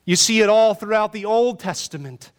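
A man preaching a sermon in an animated, conversational way, asking his listeners rhetorical questions. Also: high voice, moderate pace, big-room sound. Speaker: pastor.

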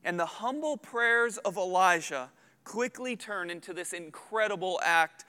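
A man in his thirties preaching a sermon as a pastor, earnest and building to loud emphatic peaks. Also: high-pitched, lively intonation, measured pace, clean tone. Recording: long hall reverb.

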